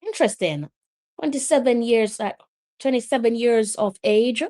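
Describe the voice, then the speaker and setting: A woman hosting a live watch-along, giving casual play-by-play commentary in a chatty way and breaking into loud exclamations at the action. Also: on the high side, normal speed.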